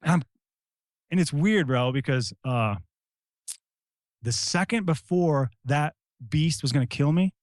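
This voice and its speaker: Animated man, higher voice, dry sound. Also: a little slow, long pauses, dry recording. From United States. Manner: animated, acts out quoted voices, swears casually, says "bro" and "right?". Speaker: guest, Army veteran. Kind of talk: casual conversational storytelling.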